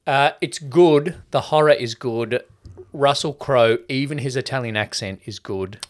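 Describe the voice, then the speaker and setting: Aussie male co-host, mid-pitched, casual rambling plot recap with swearing. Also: measured pace. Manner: rambling, swears casually, retells plots loosely. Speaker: podcast co-host. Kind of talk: casual film-review chat.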